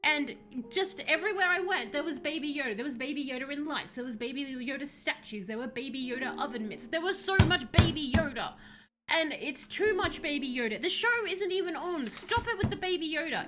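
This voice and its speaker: A woman giving animated, laughing commentary while streaming a horror game. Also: sits high. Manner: animated, laughs often, yelps and shrieks at scares. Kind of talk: casual gameplay commentary.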